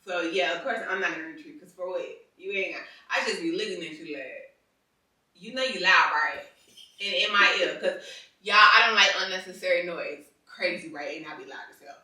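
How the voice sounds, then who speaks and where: A woman co-hosting a casual chat with her husband, talking animatedly in slang and getting louder as she gets into a topic. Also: fairly low pitch, a little fast, heavy reverb, recorded from a distance, poor audio. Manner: animated, slangy, gets loud when passionate. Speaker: podcast co-host.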